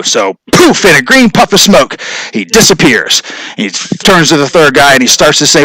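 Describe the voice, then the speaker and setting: A middle-aged man hosting a casual home livestream, talking in a loose, rambling way and chuckling at his own corny jokes. His voice sits a little high for a man and has a bright, forward edge. The sound is dry and close, with little room in it. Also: animated, a little fast, no echo, low-quality recording. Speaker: livestream host. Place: home workshop studio.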